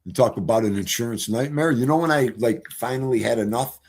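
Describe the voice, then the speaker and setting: A middle-aged man telling stories casually on a livestream, animated, swinging from loud exclamations to quiet mutters. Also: medium pitch, a little fast. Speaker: streamer.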